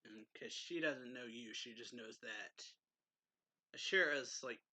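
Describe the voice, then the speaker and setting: Bright-voiced young man recapping casually. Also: mid-range voice, unhurried, low-quality recording. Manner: loose, rambling, filler-heavy. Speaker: manga reviewer.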